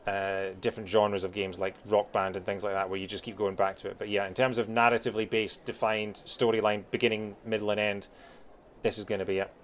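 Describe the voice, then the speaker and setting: A man in his thirties with a softened Scottish accent, chatting casually with viewers while streaming a game, rambling with many fillers. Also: lowish voice, level tone, brisk. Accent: Scottish, softened by years in England. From Scotland.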